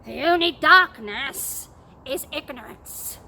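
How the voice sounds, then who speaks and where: A jester poses as a gruff male doctor, stern and mock-solemn, in a storybook tale, played by a woman. The voice sits high and swoops widely, taking its time over every word. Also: animated, takes it slowly, sharp tone, slight background noise, heavily acted.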